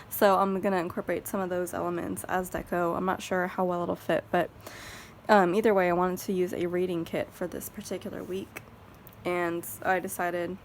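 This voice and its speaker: A woman with a Texan accent talks casually at her home craft desk, rambling as she thinks aloud. Her voice sits low with a gravelly, creaky edge. A faint hum of background noise runs underneath. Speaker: planner vlogger. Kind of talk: casual chat.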